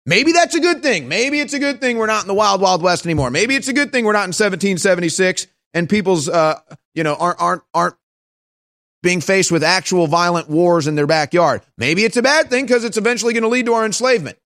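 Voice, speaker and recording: A man's voice: expressive, fast talker, few pauses, fairly bright tone. Sarcastic ranting male talk host. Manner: sarcastic, mocking, mimics voices in high pitch. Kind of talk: political commentary rant.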